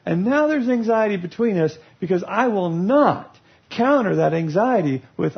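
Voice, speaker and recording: A man's voice: sits high, big pitch swings, a little slow, creaky, breathy edge. A man giving a humorous teaching talk about love languages, playful and laughing as he acts out scenes. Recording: lo-fi recording.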